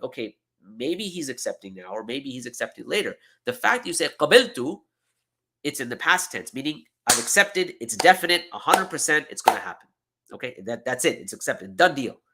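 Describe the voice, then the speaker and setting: A man's voice: mid-range voice, bright, forceful tone. A man teaching a seminar, explaining with emphatic repetition and frequent "okay?" and "right?" checks. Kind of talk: lecture.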